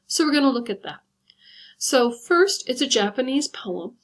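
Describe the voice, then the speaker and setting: A woman teacher giving a recorded lesson, patiently explaining step by step and slowing down to count things out. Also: high voice, big pitch swings. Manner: patient, instructive, guides step by step.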